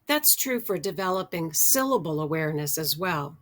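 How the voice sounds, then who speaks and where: A middle-aged American woman explaining early literacy skills, speaking deliberately and drawing out her example words. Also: sits low, lively intonation, a bit bright. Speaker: literacy educator. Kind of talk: instructional explainer.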